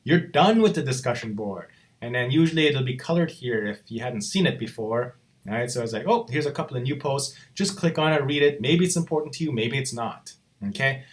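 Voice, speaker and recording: A man teaching a college course in a recorded walkthrough, chatty and relaxed, checking in with "right?" after nearly every point. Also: medium pitch, a little fast. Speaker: college instructor. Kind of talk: recorded screen-walkthrough lecture.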